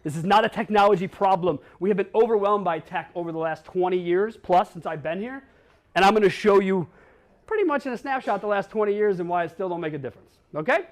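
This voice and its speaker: High-voiced blunt conference speaker man. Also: quick pace. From Wisconsin. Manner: blunt, swears, jokes with audience. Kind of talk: keynote talk. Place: conference hall.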